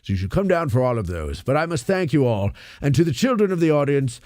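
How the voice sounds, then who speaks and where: A man's voice: on the high side, big pitch swings, fast talker, darkish tone, no echo, studio quality. A man voicing a rambling, out-of-breath old Santa Claus on a comedy radio show. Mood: jolly. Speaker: host.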